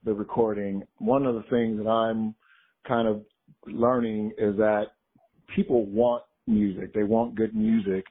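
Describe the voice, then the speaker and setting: Gospel choir director on a tinny line. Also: male voice, lowish voice, husky. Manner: relaxed, reflective, says "right?" often. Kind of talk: interview guest, conversational.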